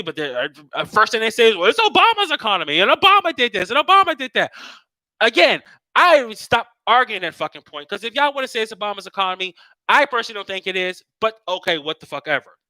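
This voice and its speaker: A man rants casually, swearing freely and mocking people in put-on voices. His voice sits high and bright. The sound is dry and close, with no room echo. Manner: profane, animated, mocks others in put-on voices. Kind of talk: casual political rant.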